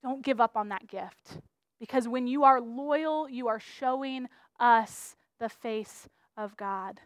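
A woman pastor giving a sermon, playful and self-mocking in her stories, then hushed and earnest as she prays. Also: fairly high pitch, slow, no room sound.

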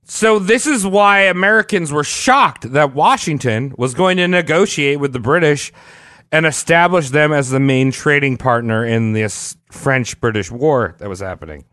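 A man's voice: on the high side, animated, moderate pace, sharp tone, no echo, clean studio sound. A man co-hosting a casual comedic history podcast, explaining events at length with crude jokes and frequent laughs.

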